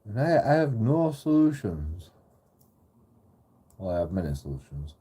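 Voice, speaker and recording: Man, husky low voice, profane repetitive rant, vlog host. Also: very animated, measured pace, warm tone. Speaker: channel host. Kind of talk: ranting monologue vlog.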